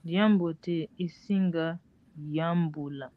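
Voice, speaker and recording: A man answers practice prompts in a language class, drawing each word out slowly and deliberately. His fairly high voice sounds dull and lo-fi. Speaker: language student. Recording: dull lo-fi audio.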